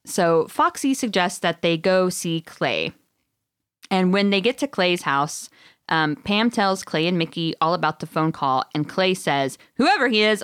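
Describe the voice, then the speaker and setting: A woman hosting a casual chat, recapping a story in an animated, giggly way. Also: fairly low pitch, clear, resonant tone, no echo, studio quality. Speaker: podcast host recapping a book.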